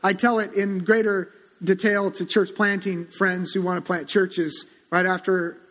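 Man, middle-aged, pastor, sermon, high voice, animated and conversational, acts out quotes, long church reverb. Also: unhurried. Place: church sanctuary.

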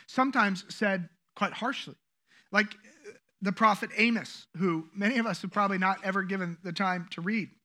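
A man preaching a sermon as pastor, animated and joking with the congregation. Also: sits high. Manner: animated, acts out quoted voices, jokes with the congregation.

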